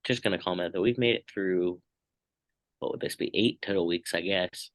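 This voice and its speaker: A man's voice: sits low, moderate pace, dry recording. A man co-hosting a sports betting podcast, laid-back, chiming in with short agreeing replies and dry jokes. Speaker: podcast co-host. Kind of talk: casual sports betting chat.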